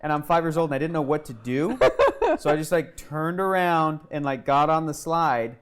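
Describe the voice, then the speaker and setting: Animated man telling a story, slightly high voice. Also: normal speed, clean tone. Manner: animated and profane, acting out quotes. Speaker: guest. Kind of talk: casual storytelling in an interview.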